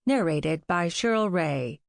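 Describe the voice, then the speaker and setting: A woman narrating an audiobook in a steady, even storytelling manner, recorded in a studio. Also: on the low side, slow pace, gravelly, no room sound. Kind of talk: scripted narration.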